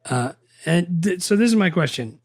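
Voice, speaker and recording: A man co-hosting a podcast in casual chat about movies, relaxed and full of fillers. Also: high-pitched, moderate pace, husky, dry recording, studio quality. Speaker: podcast co-host.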